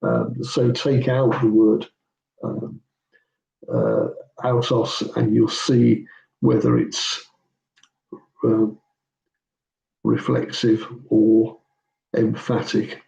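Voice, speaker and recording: Slow, gravelly-voiced man teaching Greek. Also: lowish voice, warm tone. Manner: hesitant, many ums and self-corrections. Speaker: pastor teaching biblical Greek. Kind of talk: informal teaching walkthrough. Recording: roomy echo.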